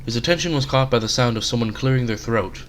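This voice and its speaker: A man reading aloud his own short story, in a relaxed, conversational storytelling manner. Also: medium pitch, fast, a little hiss or hum.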